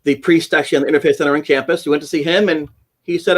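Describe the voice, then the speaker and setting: A man's voice: fairly even intonation, rapid-fire, slightly rough. Earnest man telling a frightening story. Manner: earnest, emotional, acts out quotes with sudden high shouts. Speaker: guest. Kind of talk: personal storytelling in a podcast interview.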